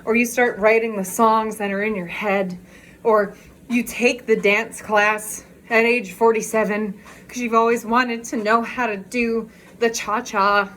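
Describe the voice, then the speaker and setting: A woman's voice: a little high, measured pace, slight background noise. Breathless, laughing woman vlogging on a walk. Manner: bubbly, laughs often, excitable. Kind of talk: walking vlog chat. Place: outdoors on a walk. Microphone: phone.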